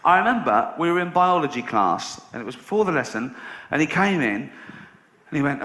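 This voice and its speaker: Sardonic, swearing comedian on stage. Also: male voice, fairly high pitch, sing-song, moderate pace, a bit bright. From England. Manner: sardonic, swearing, acts out characters. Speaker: stand-up comedian. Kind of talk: stand-up comedy routine. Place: large theatre with a live audience. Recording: echoey live theatre with audience laughter.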